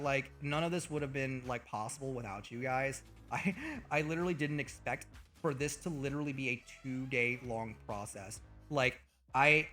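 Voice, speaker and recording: Young man, live-stream chatter, rambling, heavy swearing, bright forceful tone, faint music behind. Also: mid-range voice. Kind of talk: casual live-stream chat.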